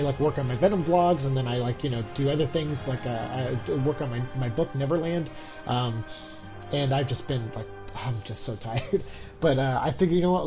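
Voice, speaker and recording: A man's voice: mid-range voice, gravelly, poor audio. Tired, stuffed-up young man streaming. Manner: keeping his voice down, rambling with many fillers. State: stuffed up with a cold; exhausted. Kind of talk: casual game-stream chat. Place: home room at night.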